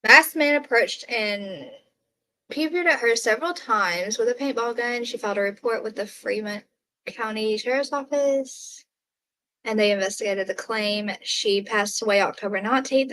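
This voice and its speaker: A woman's voice: a little high, moderate pace, a bit bright. A woman hosting a casual livestream, chatting to viewers, reading out their comments and exclaiming at what they send. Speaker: livestream host.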